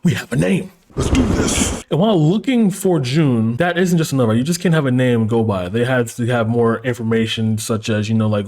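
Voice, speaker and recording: This anime recap host runs through the plot casually, with a mid-range voice. He's animated and sarcastic, swears freely, and drops into quick mock voices for the characters.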